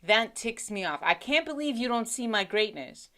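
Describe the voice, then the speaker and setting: A woman's voice: fairly high pitch, animated, moderate pace, bright, forceful tone. A woman co-hosting a casual sports talk show, ranting with sarcasm and fire. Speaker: co-host.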